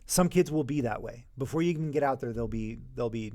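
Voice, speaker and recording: A man teaching classroom management in a conversational way, sometimes acting out calm talks with students. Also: mid-range voice, fast talker, hardly any pauses, dry recording. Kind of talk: instructional talk on classroom management.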